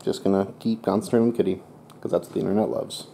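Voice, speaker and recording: A man's voice: low voice, fairly even intonation, quick pace, gravelly, warm tone. Joking man in an echoey room. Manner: joking, swears casually, exaggerated complaints. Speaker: co-host unboxing a computer. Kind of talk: casual chat. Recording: echoey room with faint noise.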